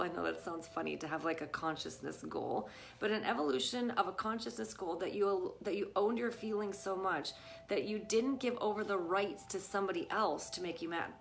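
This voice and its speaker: A middle-aged woman talks straight to her live viewers from home, casual and chatty, leaning on fillers and checking in with "right?" Her voice has a gravelly edge at the ends of phrases, and a faint hiss sits under the live stream. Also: mid-range voice, fairly bright tone. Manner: chatty, many fillers like "you guys" and "right?". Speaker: vlogger. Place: home with a dog nearby. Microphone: phone or camera on a live stream.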